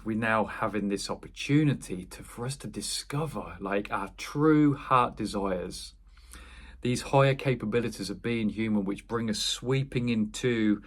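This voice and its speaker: A young man, a wellness coach, speaking earnestly in a meandering spiritual monologue that often restarts and corrects itself. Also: lowish voice. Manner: earnest, meandering, self-correcting, laughs at himself.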